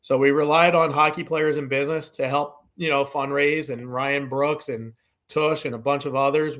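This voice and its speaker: A man's voice: a little high, fairly bright tone. A man, a podcast guest, telling stories in a casual interview, acting out quoted dialogue with many "you know" fillers. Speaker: podcast guest, community event organizer.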